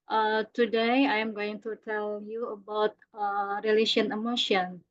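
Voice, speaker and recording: A woman with an Indonesian accent giving a halting presentation on an online call, full of fillers and restarts. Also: mid-range voice, level tone, dull audio. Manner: hesitant, many fillers. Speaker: student presenter. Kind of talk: halting presentation in a second language.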